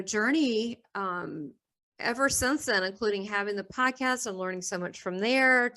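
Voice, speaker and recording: A woman's voice: medium pitch, a bit bright. Middle-aged woman telling her story candidly. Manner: rambling, restarts often, laughs between thoughts. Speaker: interview guest.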